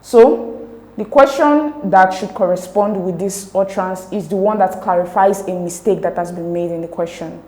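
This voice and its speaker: A woman tutor talking through exam answers step by step, slow and careful as she spells out sounds and options. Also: mid-range voice, a little mellow, roomy sound, rough recording. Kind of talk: recorded exam lesson explaining answers.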